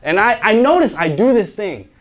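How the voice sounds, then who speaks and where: A man doing a stand-up comedy set on stage, animated and joking, often laughing at his own lines. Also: high voice, normal speed. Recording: noisy live stand-up recording.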